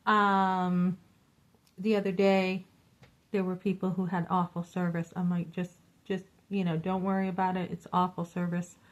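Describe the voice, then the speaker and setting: A woman's voice: lowish voice, normal speed, poor audio. A middle-aged woman telling a story in a casual vlog, venting with exasperation and acting out the dialogue. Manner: animated, acts out quoted dialogue. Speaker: vlogger.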